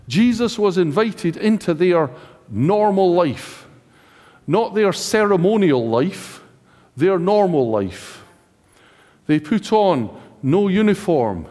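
A man's high, mellow voice fills a church hall, reverb and all, as he preaches with a British accent. His sermon is conversational and full of jokes, and he often asks the congregation questions.

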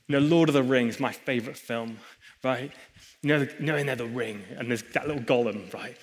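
A man's voice: medium pitch, lively intonation, quick pace. A man preaching a sermon in a church hall, emphatic, with chatty asides to the congregation. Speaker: pastor.

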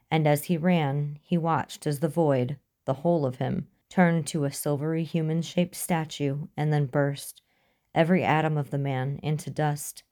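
A woman reads a thriller aloud in a measured, suspenseful narrating voice. Her tone is low and dark, smooth and mellow rather than bright, and she keeps an even, controlled delivery. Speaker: audiobook narrator. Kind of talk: scripted narration.

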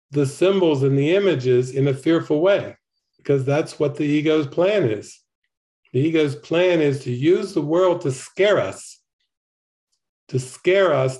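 A man giving slow, earnest spiritual commentary on a TV episode as a teacher. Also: on the high side, a little mellow.

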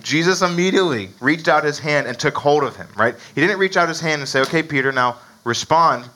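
Bright-voiced man preaching a chatty sermon. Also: a little high, animated, fast talker, low-quality recording. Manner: conversational, keeps asking "right?" to the listeners; chuckles between points. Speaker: pastor.

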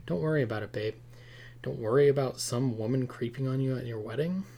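A man reading the lines of a calm, soothing husband who brushes off his wife's fears. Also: mid-range voice, fairly quick, vocal fry. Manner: soothing, matter-of-fact. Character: reassuring husband, calm, a bit dismissive.

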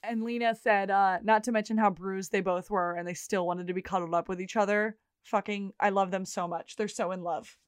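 A woman co-hosting a podcast, animated as she retells scenes in casual chat. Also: medium pitch, smooth, no echo, studio quality. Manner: animated retelling, quotes characters in quick bursts. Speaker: podcast co-host.

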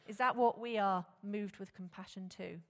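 A woman preaching a sermon, animated and conversational, often posing rhetorical questions to the congregation. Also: medium pitch, moderate pace. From England. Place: church hall. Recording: long hall reverb.

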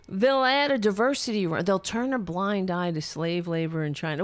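Woman ranting at a clip, sarcastic, voice jumps all over, slow when she mutters. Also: mid-range voice, big pitch swings. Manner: sarcastic, swings from loud ranting to muttering while searching. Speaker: commentator reacting to a video. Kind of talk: casual reaction commentary.

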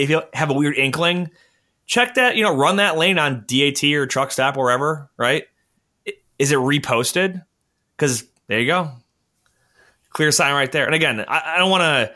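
A man with a bright, forceful tone talks casually, full of fillers and quick asides. He slips into little acted phone exchanges as he explains things, keeping an easygoing, conversational flow. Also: mid-range voice. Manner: chatty, lots of fillers, acts out phone calls. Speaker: podcast host. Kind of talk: casual conversational advice talk.

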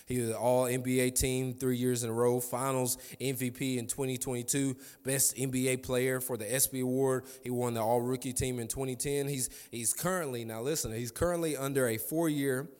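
A man's voice: medium pitch, fairly even intonation, brisk, hardly any pauses, a little mellow. A man in his thirties preaching a sermon, telling family stories with emphatic repetition. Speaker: pastor. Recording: reverberant church hall.

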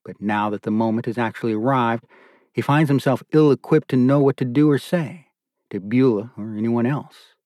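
Man, audiobook narrator, calm and measured, mid pitch, dry close sound. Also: no echo. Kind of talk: scripted narration.

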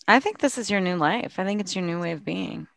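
Low, gravelly woman co-host. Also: expressive, a little fast, fairly bright tone. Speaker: podcast co-host. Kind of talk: casual chat.

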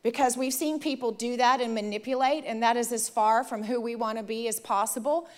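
Woman preaching, talks right to the crowd, high voice. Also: brisk. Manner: animated, addresses the audience directly, conversational. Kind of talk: sermon storytelling.

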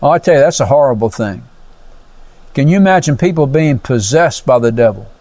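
A man's voice: medium pitch, lively intonation, brisk, darkish tone, no room sound. A male pastor preaching a sermon, teaching verse by verse with frequent amens and praises. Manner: teaching Bible verse by verse, explaining Greek words.

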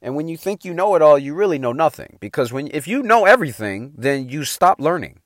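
A middle-aged man talks straight to his listeners in a motivational speech, slangy and emphatic, cursing now and then. His pitch swings widely as he pushes a point. The sound is dry and close. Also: big pitch swings, brisk, no room sound. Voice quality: emphatic, slangy, swears freely. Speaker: motivational speaker. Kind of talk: motivational talk.

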